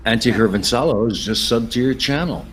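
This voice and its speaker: A man hosting a live stream, relaxed and easygoing, laughing along with his co-hosts. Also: mid-range voice, fairly quick, a crowd in the background. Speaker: stream host. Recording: faint background noise.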